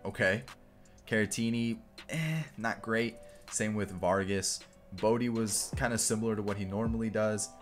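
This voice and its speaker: A young man giving casual commentary on a video game, relaxed and chatty, with many fillers. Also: lowish voice, moderate pace, faint music behind. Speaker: gaming YouTuber.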